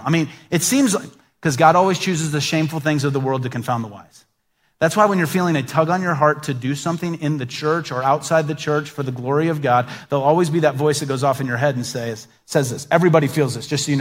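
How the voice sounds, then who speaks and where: A middle-aged pastor delivering a sermon in a conversational, lively way, slipping into quick acted asides. His voice sits a little on the high side for a man.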